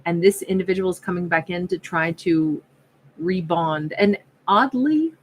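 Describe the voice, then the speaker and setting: A woman's voice: lowish voice, normal speed, rough recording. Chatty woman musing over tarot cards. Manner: chatty and musing, acting out imagined dialogue; frequent self-interruptions and restarts. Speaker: tarot card reader. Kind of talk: casual tarot reading monologue.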